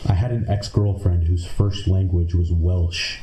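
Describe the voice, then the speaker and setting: A man reading a numbered list of creepy stories aloud in a slow, measured, deadpan manner. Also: deep voice. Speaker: narrator. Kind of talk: scripted narration of creepy stories. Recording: echoey room with faint noise.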